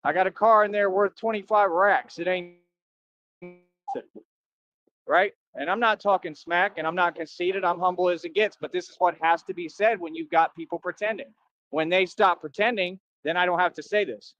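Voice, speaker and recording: Man, high voice, bragging, rambling livestream rant, dull lo-fi sound. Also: steady tone, brisk, a bit bright, no echo. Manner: boastful, rambling, keeps asking "right?".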